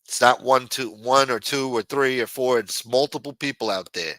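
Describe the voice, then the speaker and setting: A man's voice: medium pitch, moderate pace, pushed and bright, no echo, poor audio. A man on a livestream ranting angrily and scolding a viewer, with lots of profanity. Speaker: livestream co-host. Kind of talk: heated livestream rant.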